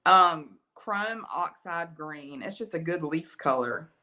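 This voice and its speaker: Low-pitched and slow, with lively intonation and a pushed, bright sound, an Alabama woman teaches a folksy live painting tutorial full of chatter. As an art instructor still getting over being ill, she has a slight lingering cough.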